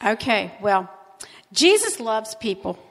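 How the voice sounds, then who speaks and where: Gentle woman leading a children's sermon. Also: fairly high pitch, big pitch swings, slow, in a large hall. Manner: gentle, coaxing, talks to small children.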